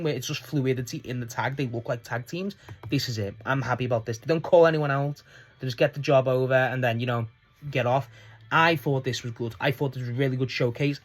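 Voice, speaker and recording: A man giving a casual, rambling solo review of a wrestling show, swearing and laughing as he goes. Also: mid-range voice.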